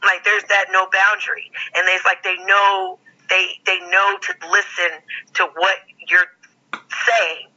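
A woman's voice: mid-range voice, a little slow. A woman co-hosting a podcast in casual chat, laughing often and telling stories with lots of profanity. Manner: laughing, profane, animated storytelling. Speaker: podcast co-host. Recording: dull lo-fi sound.

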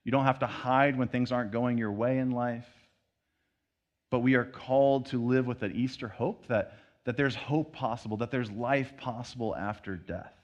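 A man's voice: mid-range voice, steady tone, normal speed, muffled recording. A man preaching a sermon in a conversational way, acting out everyday voices as he goes. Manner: conversational preaching with acted-out quotes. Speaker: pastor.

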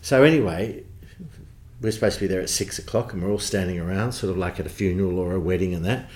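A man with an Australian accent, a theatre producer telling lively backstage anecdotes in an interview. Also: sits low, quick pace. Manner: animated storyteller, does voices in quotes.

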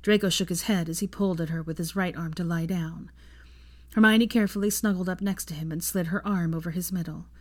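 A woman reading fan fiction aloud in a soft, intimate narrating voice. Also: fairly low pitch, fairly even intonation, fairly quick. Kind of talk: audiobook narration.

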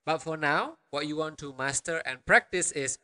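Male teacher, patient and repetitive, crisp bright voice in a reverberant room. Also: fairly high pitch, normal speed. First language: Balinese. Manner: patient, repetitive, checks in with "okay?". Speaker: language teacher. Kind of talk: language lesson narration.

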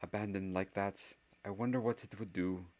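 A man's voice: low-pitched, fairly even intonation, moderate pace, a little mellow, voice pushed up, lightly acted. A man voicing a strict elderly witch professor, speaking in a clipped, dry manner. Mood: soft.

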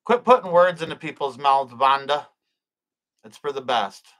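A man's voice: mid-range voice, lively intonation, moderate pace, a bit bright, low-quality recording. A man preaching and praying on his own live stream, fervent and repetitive, often stumbling and restarting his words. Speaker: livestream preacher.

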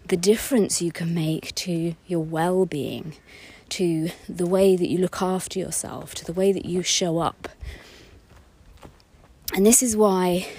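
A woman speaking in a mellow, warm voice at a middling pitch, talking as a fertility therapist in a relaxed podcast monologue. She is chatty and expressive, slipping into her clients' voices and dropping to a hushed tone when things get tender. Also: slightly rough, low-quality recording.

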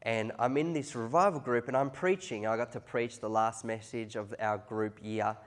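A man preaching a sermon in a loose, conversational way, full of asides and quick restarts. He often climbs into loud, excited bursts before dropping back to a quieter, confiding tone. His voice sits in an ordinary middle pitch for a man. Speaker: pastor.

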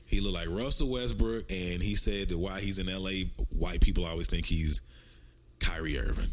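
Deep-voiced Southern man telling stories. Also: normal speed, slight background noise. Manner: animated storytelling, swings up in pitch for emphasis. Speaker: podcast host. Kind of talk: casual podcast chat.

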